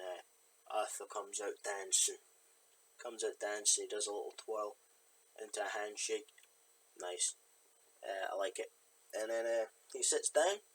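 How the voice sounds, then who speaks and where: A man's voice: lowish voice, slight background noise, poor audio. A man casually retelling a film's plot in a review, rambling with fillers and side remarks. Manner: rambling, many fillers and asides. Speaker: film reviewer. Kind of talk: casual spoken film recap.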